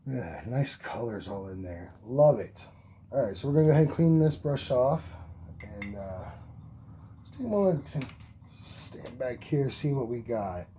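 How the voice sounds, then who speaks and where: A man with a warm, mid-range voice teaches oil painting while working, coaching the viewer through each stroke in an encouraging, repetitive style. He occasionally moves away from the mic during the relaxed tutorial, which has faint background noise.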